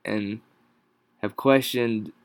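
A worn-out man talks through his podcast from home, his low voice halting and full of pauses and restarts. He sounds sleep-deprived and yawns often. The sound is dry and close, captured without a proper microphone. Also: steady tone, dry recording. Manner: halting, many ums and restarts, tired and yawning. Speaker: podcast host. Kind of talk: casual solo podcast talk. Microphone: no proper microphone, home recording.

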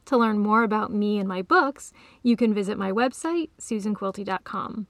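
A woman author reading her own short story aloud in a calm, even storytelling manner. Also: mid-range voice, moderate pace, no echo. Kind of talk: storybook narration.

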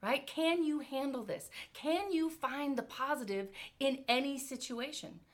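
A woman giving an energetic motivational talk on leadership, firing off rhetorical questions. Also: sits high, measured pace. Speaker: motivational speaker. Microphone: virtual event talk.

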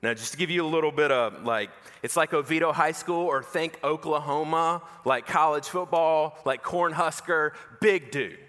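Bright-voiced preacher in a reverberant hall. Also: male voice, on the high side, moderate pace, few pauses. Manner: animated, self-mocking storyteller who acts out dialogue. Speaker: pastor. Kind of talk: sermon with personal storytelling.

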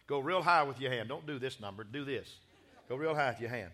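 A man's voice: mid-range voice, brisk, fairly bright tone. A man, a pastor giving a church sermon and announcements in a folksy, joking, exuberant way. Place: church sanctuary.

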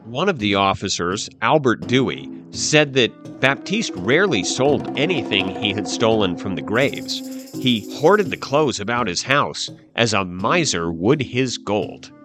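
A man telling a dark history story as scripted narration, with a dramatic, expressive delivery. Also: lowish voice, a little slow. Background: faint background music.

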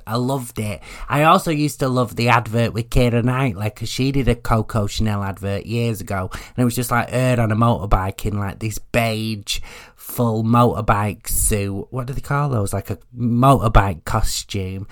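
A man's voice: on the low side, normal speed. Chatty, sweary man. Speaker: podcast host. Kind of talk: casual solo podcast chat.

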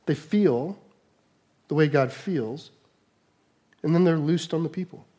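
A male pastor delivering a sermon with animated energy. He drops into quiet, conversational asides and then rises into emphatic, raised lines. His voice sits a little higher than most men's. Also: a little slow.

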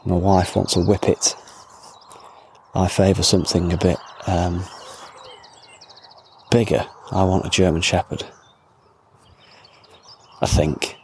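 A man with a low, steady, darkish voice speaks slowly and pauses often, with slight background noise. He's a podcast host wandering an allotment outdoors, chatting in a rambling way and poking fun at himself.

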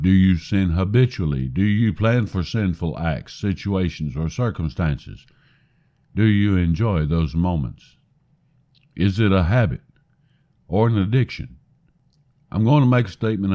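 A man's voice: deep voice, lively intonation, moderate pace, highs cut off. A man giving an earnest recorded sermon, questioning his listeners directly. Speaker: preacher.

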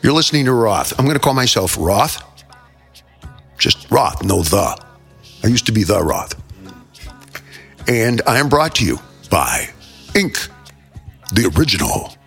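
A man's voice: on the low side, sing-song, unhurried, creaky, pauses often, fairly bright tone, slightly rough, faint music behind. An older man hosting a show, telling rambling jokes in a theatrical, self-mocking way. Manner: theatrical, joking, self-mocking, wanders off topic. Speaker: host. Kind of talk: rambling comic monologue.

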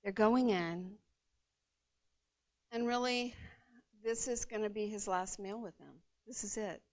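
A woman teaching a Bible passage in a lively, conversational way, sometimes acting out the voices of the people in the story. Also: medium pitch, measured pace. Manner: animated retelling, acts out the disciples' voices. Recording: dull lo-fi sound.

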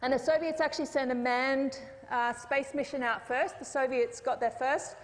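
Female preacher, slightly high voice, relaxed storytelling sermon in a church hall with echo. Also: normal speed. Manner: conversational storytelling with jokes and asides. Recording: long reverb of a hall.

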